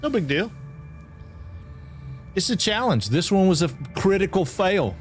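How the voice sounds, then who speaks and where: A man's voice: high-pitched, big pitch swings, unhurried, faint music behind. A man from Georgia, chatting casually with viewers while streaming a game and often repeating himself. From Atlanta, Georgia.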